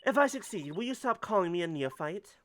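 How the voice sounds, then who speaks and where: A man's voice: sits high, very animated, brisk, fairly bright tone. A man voicing a confident, cheerful young female spirit medium in a game. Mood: solemn, confident. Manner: upbeat, self-assured.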